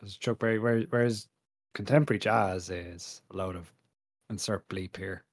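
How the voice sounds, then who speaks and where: A man's voice: on the low side, steady tone, normal speed, husky. A man co-hosting a casual podcast, teasing his friend with dry jokes. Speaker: podcast co-host.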